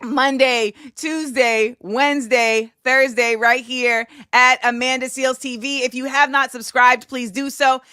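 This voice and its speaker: A woman hosting a casual livestream, greeting her viewers in an animated, hyped-up way. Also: sits high, measured pace, hardly any pauses, clean tone, dry recording, clean studio sound. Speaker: host.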